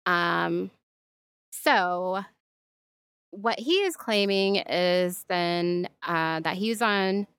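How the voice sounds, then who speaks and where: A woman's voice: on the low side, drawn-out words, a bit bright, smooth, no echo, studio quality. A young woman in her twenties, casually telling a true crime story in an easygoing, hesitant way.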